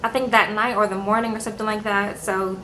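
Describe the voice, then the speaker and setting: Chatty bright-voiced woman recapping a show. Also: medium pitch, level tone, fast, slight background noise. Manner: chatty, keeps adding "okay?" to check in. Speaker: TV show reviewer. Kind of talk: casual chat.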